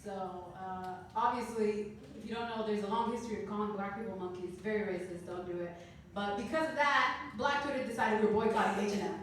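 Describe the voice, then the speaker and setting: A woman's voice: medium pitch, fairly even intonation, brisk, hardly any pauses, slight background noise. Woman doing stand-up in an echoey club. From Canada. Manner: laughing at own jokes, playful. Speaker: stand-up comedian. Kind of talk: stand-up comedy set. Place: comedy club stage. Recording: roomy club sound from a distance.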